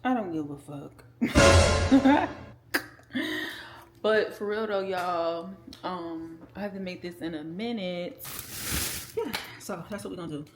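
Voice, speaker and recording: A woman's voice: lowish voice, moderate pace. A woman in her twenties chatting casually while she cooks at home, blunt and profane, talking straight to her viewers. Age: 20s. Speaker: vlogger. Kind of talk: casual storytime while cooking. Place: home kitchen. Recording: echoey room with loud background noise.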